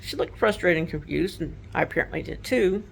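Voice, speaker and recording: Middle-aged woman from Texas, casual spooky storyteller, a touch of fry, keeps circling back and correcting herself. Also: on the low side, fairly quick. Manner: rambling, self-correcting, conversational.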